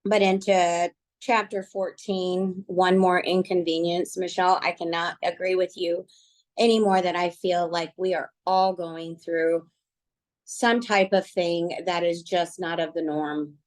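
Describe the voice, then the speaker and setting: A middle-aged woman with a lowish voice speaks earnestly in a relaxed group discussion. She reflects slowly and sincerely, pausing often with fillers as she gathers her thoughts. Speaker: book club team member. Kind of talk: casual online group discussion.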